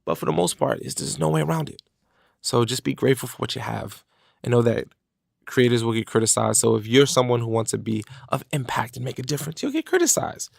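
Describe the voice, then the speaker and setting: A man hosting a motivational podcast, talking in an energetic, casual way with slang. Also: mid-range voice, fairly quick, vocal fry, no echo, studio quality. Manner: energetic, animated, conversational with slang. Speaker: podcast host.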